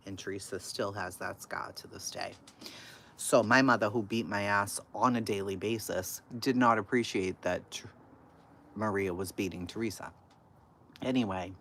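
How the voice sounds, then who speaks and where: Animated, swearing woman telling stories. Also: very deep voice, slight background noise. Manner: animated, profane, laughs often, swings from loud to hushed. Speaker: livestream host. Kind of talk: casual storytelling to a live chat.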